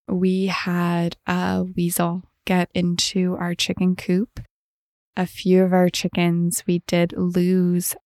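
A woman's voice: on the low side, darkish tone, no echo, clean studio sound. A woman hosting a podcast, telling heartfelt stories about her farm animals in a tender, emotional way. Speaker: podcast host.

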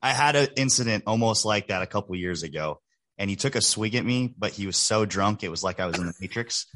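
Low voiced guy with a bright punchy tone, cohosting, chill stories. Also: lively intonation, quick pace. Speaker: podcast co-host. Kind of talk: casual podcast chat.

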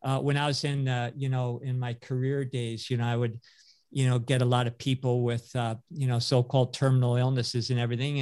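A man's voice: medium pitch, a little mellow. A man, older, telling a story in a casual talk, rambling with many fillers and restarts.

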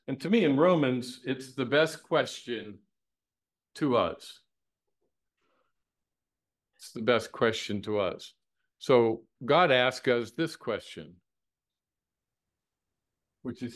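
A man's voice: mid-range voice, animated, slow, long pauses. A man teaching a Bible lesson. He quotes scripture and asks and answers his own questions. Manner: asks questions and answers them, repeats key phrases, quotes scripture, laughs softly.

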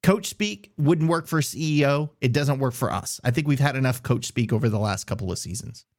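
A man co-hosting a casual sports podcast, joking and opinionated, with relaxed slang. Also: mid-range voice, fairly quick. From south Louisiana. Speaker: podcast co-host.

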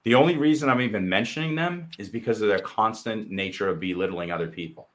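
A man with a very deep, low voice talks bluntly and with real heat as a co-host. He swears freely and slips into mocking quoted asides to make his points. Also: quick pace, fairly bright tone. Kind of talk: heated casual discussion.

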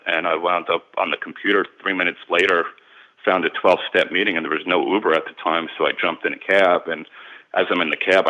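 A man's voice: low voice, sharp tone, low-quality recording. A man, a sports and celebrity agent, candidly recounting his own story as a guest in an interview, earnest and repeating words when moved.

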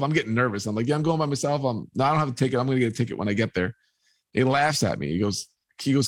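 A man's voice: medium pitch, expressive, fast, no room sound. A man, a guest telling a long personal story and acting out the people in it. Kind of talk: storytelling in a podcast conversation.

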